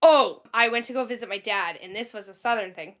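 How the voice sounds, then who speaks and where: A woman's voice: on the high side, brisk. A woman from Canada with a slight Boston-like stretch in her accent, co-hosting a casual chat podcast and telling stories animatedly. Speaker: podcast co-host.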